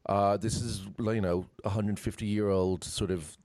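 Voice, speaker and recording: A man's voice: on the low side, fairly even intonation, measured pace, darkish tone, dry recording, studio quality. A man from the United Kingdom giving emphatic, indignant opinions in a casual podcast chat.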